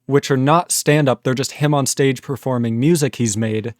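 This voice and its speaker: A man with a Northern US accent talks as a guest in a casual livestream chat. He rambles in an animated way, piling up fillers. His voice sits mid-range and sounds close and dry, with no room around it. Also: medium pitch, moderate pace, no room sound.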